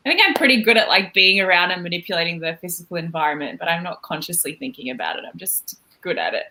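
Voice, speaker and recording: Woman, panel guest, playful, bright and lively delivery, faint hiss. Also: fairly low pitch. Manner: playful, joking, quick to laugh. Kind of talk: casual panel chat.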